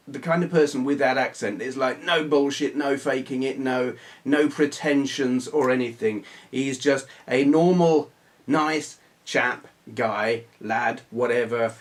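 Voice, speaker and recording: A man talks casually to his camera about retro games. He rambles, restarts his sentences and mocks himself, and his pitch sits in the middle. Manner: rambling, full of restarts and self-deprecating asides. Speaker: retro gaming YouTuber. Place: small hot room under bright video lights.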